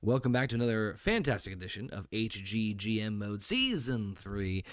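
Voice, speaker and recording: A man hosting a live gaming stream, chatting casually with loud, profane jokes. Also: on the low side, very animated, moderate pace. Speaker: host.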